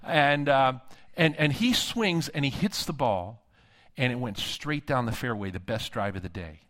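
A man preaching a sermon at a conference, telling a story with lively acted-out dialogue. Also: medium pitch, unhurried. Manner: animated storytelling, acting out dialogue. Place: conference hall.

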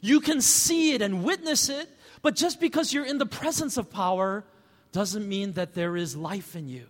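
A man preaching a sermon as pastor, conversational and animated, asking rhetorical questions. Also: high voice, normal speed, in a large hall.

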